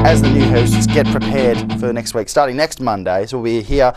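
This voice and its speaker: A man's voice: medium pitch, moderate pace, hardly any pauses, loud music behind the voice. A young man hosting a studio scavenger hunt, teasing his co-host and laughing often. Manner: teasing, laughs often, shouts jokey orders. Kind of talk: playful studio banter. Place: TV studio and offices.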